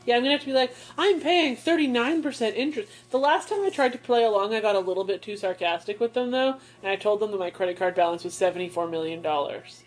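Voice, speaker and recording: Speaking fast with few pauses in a medium-pitched voice, a woman co-hosting a podcast relates a story during laid-back conversation. She's crude and mocking as she talks.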